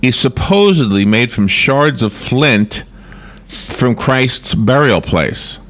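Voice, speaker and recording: A man's voice: medium pitch, slow pace, a bit bright. A man co-hosting a casual morning radio show, reading holiday customs aloud and laughing often. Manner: laughs often, reads facts aloud then riffs. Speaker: radio host.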